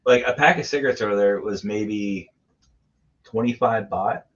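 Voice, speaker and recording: A man's voice: fairly low pitch, normal speed. A man telling crude, laughing travel stories in a casual podcast chat. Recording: dull lo-fi sound.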